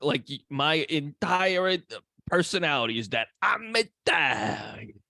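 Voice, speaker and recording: A man from Long Island chats on a podcast with a lively, swinging delivery and a gravelly edge. He bursts into loud, shouted impressions as he tells stories. The sound is dry and close. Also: fairly high pitch, measured pace, no room sound. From Long Island, New York. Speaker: podcast co-host. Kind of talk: casual chat about a film.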